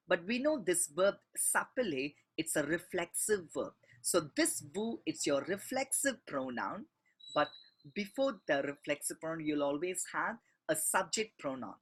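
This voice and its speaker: A man's voice: a little high, sing-song, measured pace, breathy edge. Patient male French teacher. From India. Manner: patient, spells out words letter by letter. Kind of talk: textbook exercise walkthrough.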